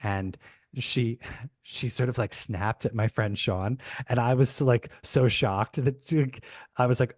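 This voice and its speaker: A man's voice: mid-range voice, dry recording. Man telling a story, dry close sound. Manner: animated, rushed retelling with many restarts. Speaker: podcast guest. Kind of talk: casual storytelling.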